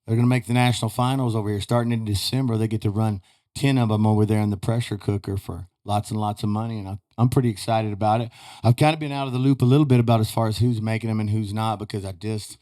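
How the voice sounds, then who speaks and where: Guy, talks quick and rambly, mellow dark voice, folksy stories. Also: on the low side, fairly even intonation. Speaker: podcast guest, retired rodeo roper. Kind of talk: casual chat. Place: studio.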